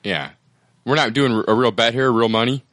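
A man's voice: medium pitch, moderate pace, fairly bright tone, no echo, clean studio sound. A man co-hosting a casual podcast chat in an easygoing way, laughing along and hedging his views. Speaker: podcast co-host.

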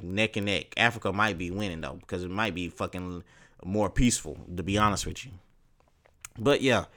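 A young man hosting a solo podcast, ranting in profane, animated street slang. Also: lowish voice. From Texas, USA. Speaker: podcast host.

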